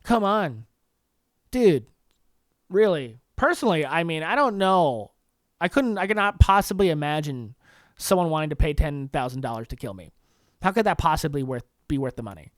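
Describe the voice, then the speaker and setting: Sarcastic comedian with a lively, swooping voice. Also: male voice, a little high, normal speed, no echo, studio quality. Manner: sarcastic, mock-pleading, laughing at own jokes. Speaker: podcast host. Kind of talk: solo comedy monologue.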